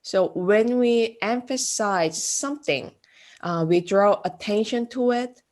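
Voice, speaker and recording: A woman giving a classroom art lecture, speaking haltingly with many fillers. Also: mid-range voice, a little mellow. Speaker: art instructor.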